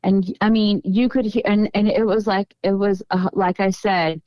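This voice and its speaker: A woman's voice: mid-range voice, steady tone, normal speed, darkish tone, no room sound, rough recording. A middle-aged woman guest on a podcast, telling a long story in a casual, meandering way and often stopping to correct herself.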